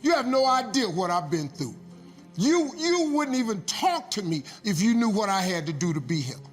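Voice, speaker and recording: A man's voice: sits high, big pitch swings, moderate pace, long reverb tail, soft background music. A man giving a preached motivational speech, rhythmic and repeating lines for emphasis. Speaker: motivational speaker.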